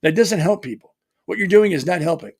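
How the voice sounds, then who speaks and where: A man's voice: high voice, a little fast, vocal fry, darkish tone, husky. A man hosting a podcast, delivering a blunt, combative political monologue with mocking asides and many restarts. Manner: repetitive restarts, frequent "you know". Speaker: podcast host. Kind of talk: opinionated political commentary monologue.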